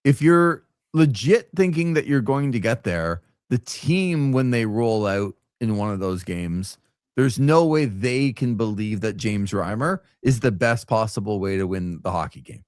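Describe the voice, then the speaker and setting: A man co-hosting a sports show, chatting casually in an animated, jokey way and repeating phrases for effect. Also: on the low side, unhurried, dry recording, studio quality.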